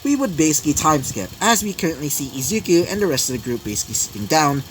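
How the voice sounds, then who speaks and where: A man's voice: fairly high pitch, big pitch swings, quick pace, a little hiss or hum, rough recording. Rambling young man making up a story. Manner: rambling, many fillers and self-corrections. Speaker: story narrator. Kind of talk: improvised fan story narration.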